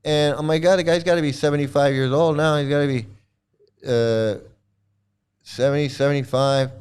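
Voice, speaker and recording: A man's voice: on the high side, fairly even intonation, normal speed, darkish tone, clear, resonant tone. A man giving casual video commentary, sarcastic and rambling with many restarts.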